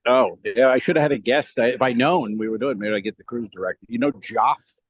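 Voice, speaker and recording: A man's voice: medium pitch, a little fast, breathy edge, no room sound, poor audio. A man co-hosting a comedy podcast in casual chat, rambling through stories, swearing and laughing as he goes, talking over a remote call. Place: remote call from a cruise ship.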